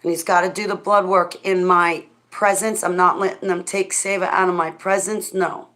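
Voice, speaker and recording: A woman's voice: on the low side, little pitch movement, moderate pace, a bit bright. A woman livestreaming in casual chat, answering viewers by name, rambling and laughing often.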